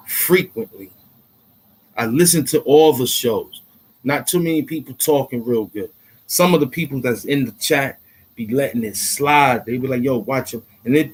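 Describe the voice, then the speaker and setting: A man delivers a direct-to-camera rant as a YouTube host. His voice sits at an ordinary middle pitch, and his talk is impassioned and lecturing, full of street slang. He is recording from a warm indoor room. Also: breathy edge.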